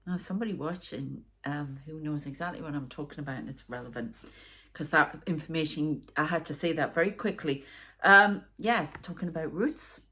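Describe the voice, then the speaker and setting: A woman's voice: deep voice, normal speed, sharp tone. A woman with a Geordie accent giving a rambling, chatty tarot reading full of asides. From North East England. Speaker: tarot reader. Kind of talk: casual psychic reading monologue.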